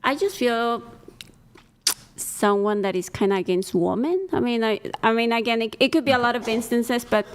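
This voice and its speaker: A woman's voice: a little high, moderate pace, smooth. A woman guest on a dating panel, hedging her opinions with many fillers. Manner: hesitant, hedging. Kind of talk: casual debate.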